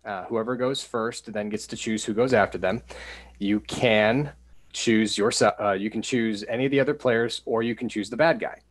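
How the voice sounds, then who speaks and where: Guy running a tabletop game, fairly low voice, kinda halting with lots of ums. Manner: hesitant, with many fillers and restarts. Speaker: game master.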